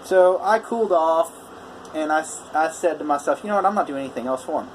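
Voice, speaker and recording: A welder man talking straight to the camera in a casual vlog, retelling a customer dispute. He jumps between his own even voice and the other man's heated lines. A faint hum sits under the voice. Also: on the high side, quick pace, rough recording. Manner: animated retelling, quoting both sides of a phone argument. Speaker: welder telling a customer story.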